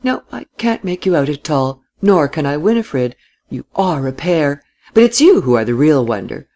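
A reader voicing a jolly young widow who speaks in high, distinct, teasing tones in a storybook reading. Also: big pitch swings, normal speed, dark tone.

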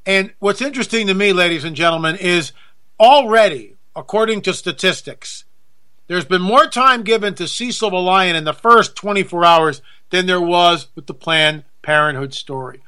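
Bright, indignant male talk show host. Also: high voice, moderate pace, smooth. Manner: indignant, repetitive, emphatic. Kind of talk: ranting talk show monologue.

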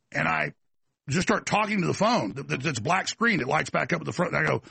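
A man's voice: on the high side, expressive, brisk, gravelly, pushed and bright, husky, dry recording. A middle-aged man hosting an opinionated commentary show, ranting heatedly and acting out the voices he quotes. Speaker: talk show host.

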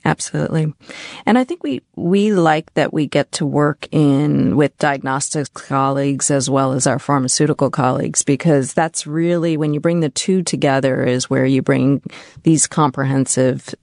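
A woman in her forties, a company executive, answering interview questions in a measured, corporate way with some fillers. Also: a bass voice, creaky, a little mellow, no room sound, studio quality.

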